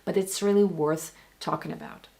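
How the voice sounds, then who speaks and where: A Russian woman, a native Russian speaker, comments on actors' accents in English with her Russian accent. Her voice sits a little low, with a gravelly, frayed edge. She talks in an animated, opinionated way, addressing her viewers directly. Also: moderate pace, a loud crowd. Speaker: language and accent teacher. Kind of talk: casual commentary on film accents.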